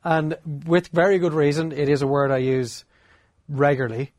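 A man's voice: fairly high pitch, flat delivery, moderate pace, a little mellow, no room sound, clean studio sound. A young Irish man, a radio co-host, telling a story in an easygoing, colourful way. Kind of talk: casual chat.

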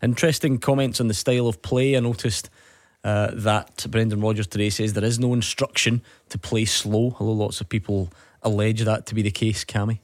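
A man hosting a sports radio phone-in, brisk and teasing with callers. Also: lowish voice, steady tone, no echo. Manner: brisk, teasing, tongue-in-cheek.

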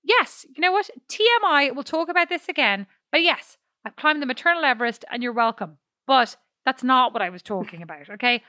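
A woman's voice: high-pitched, animated, fairly quick, few pauses, sharp tone, no room sound. A woman co-hosting a podcast, chatting casually in a rambling, self-deprecating way and swearing freely. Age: adult. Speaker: podcast co-host. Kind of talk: casual chat.

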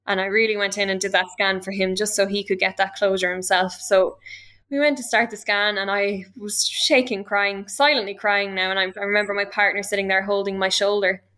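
Bright-voiced Irish woman, candid. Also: mid-range voice, flat delivery, fairly quick, clear, resonant tone. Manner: candid, emotional retelling. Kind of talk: personal account.

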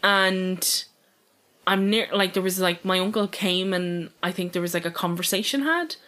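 A woman's voice: fairly low pitch, normal speed, fairly bright tone. Emphatic woman, chatty. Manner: emphatic, many "like" fillers, restarts. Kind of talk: casual chat.

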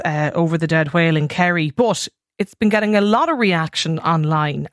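A woman's voice: on the low side, no room sound, studio quality. A woman with a northwest Irish accent, from Sligo, presenting a radio phone-in in a chatty way and laughing easily. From Sligo, Ireland. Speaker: radio host.

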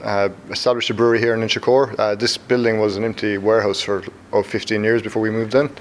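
A man with a Cork accent, co-founder of a brewery, speaking in a friendly, brisk way in a casual interview. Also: fairly low pitch, level tone, a little hiss or hum.

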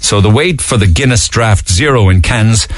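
A man's voice: lowish voice, normal speed, dry recording. A man hosting a radio show, running through the morning papers in a loose, chatty way with plenty of ums and uhs. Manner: conversational, lots of filler ums and uhs. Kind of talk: radio news roundup and chat.

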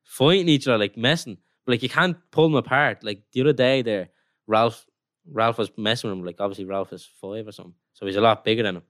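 Young male footballer, low voice, dry close sound, loose rambling chat. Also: fast talker, a bit bright, no echo. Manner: rambling storytelling with many "like"s. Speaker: professional footballer. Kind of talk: casual podcast chat.

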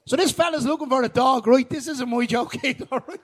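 Dublin lad doing stand-up on a festival stage, really high voice, sweary and rambly. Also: male voice, fairly quick, slightly rough. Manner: sweary, rambling, laughs through the telling. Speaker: guest comedian. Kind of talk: live stand-up storytelling.

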